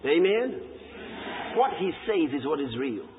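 A man's voice: a little high, very animated, measured pace, background noise. A man preaching a sermon, emphatic and repetitive, breaking into exclamations of praise. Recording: tinny lo-fi hall recording.

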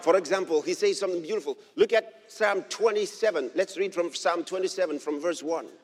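A man preaching a sermon as pastor, emphatic and repetitive, building up to shouted lines. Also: sits high, a little fast. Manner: emphatic, repeats phrases, rises to shouts. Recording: long hall reverb.

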